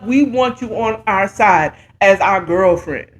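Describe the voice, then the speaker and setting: A woman's voice: a little high, expressive, unhurried, hardly any pauses. A middle-aged woman giving casual, sassy, playful commentary while reviewing a talk show.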